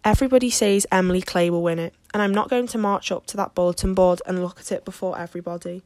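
A woman's voice: lowish voice, fairly even intonation, fast talker, darkish tone, no room sound, natural voice. A woman reading an earnest, wordy teenage girl. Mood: anxious. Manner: impassioned, wordy.

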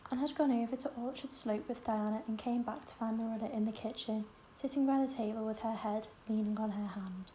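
Mellow woman narrating a classic novel. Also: a little high, slight background noise, low-quality recording. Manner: calm, measured storytelling. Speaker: audiobook narrator.

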